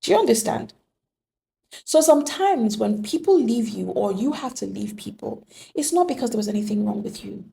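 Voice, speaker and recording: A woman's voice: a little high, very animated, moderate pace, creaky, mellow, a little hiss or hum. A woman giving an earnest, emphatic motivational monologue on relationships, full of rhetorical questions. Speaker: relationship speaker.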